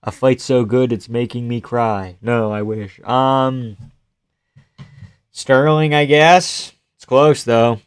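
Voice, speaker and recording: A man streaming live fight reactions, chatting casually and swearing as he answers chat, breaking into loud yells at the big moments. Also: medium pitch, steady tone, slow pace, smooth, no room sound.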